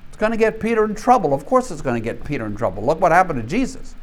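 A man's voice: on the high side, sing-song, very fast. A man teaching a Bible class, emphatic, often restarting and repeating his words.

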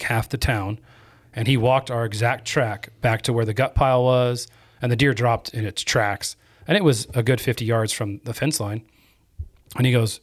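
Chatty man telling a story. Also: medium pitch. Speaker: podcast host. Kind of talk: casual storytelling chat.

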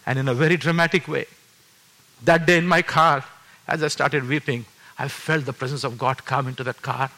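A pastor in his fifties giving his testimony in a sermon, earnest and full of restarts, moving between loud emphatic peaks and hushed low passages. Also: steady tone, moderate pace. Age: 50s. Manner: earnest storytelling with frequent restarts.

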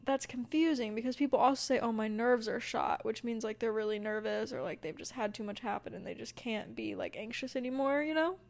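A young woman with a Southern US accent hosts a solo podcast in a casual, rambling way. Her voice sits a little high, and she pads her thoughts with fillers as she laughs at herself. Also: fairly quick, creaky, few pauses. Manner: rambling, filler-heavy, self-deprecating. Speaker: podcast host.

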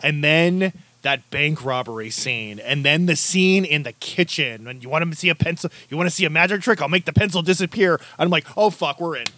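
A man hosting a casual podcast chat, excitable and animated, swearing freely as he tells stories. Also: fairly high pitch, brisk. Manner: excitable, profane, animated storytelling.

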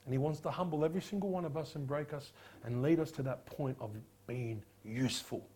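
Husky guy preaching a sermon, lots of questions to the crowd, goes soft on the serious bits. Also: fairly high pitch, a little fast. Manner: animated preaching, rhetorical questions, drops quiet on solemn points. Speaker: pastor.

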